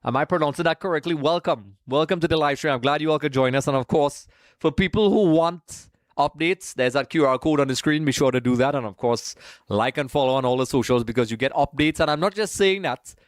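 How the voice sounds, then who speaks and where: A man's voice: a little high, a little fast, dry recording, clean studio sound. A man from Trinidad, hosting a live watch-along stream in a casual, chatty way, greeting viewers by name and calling them folks.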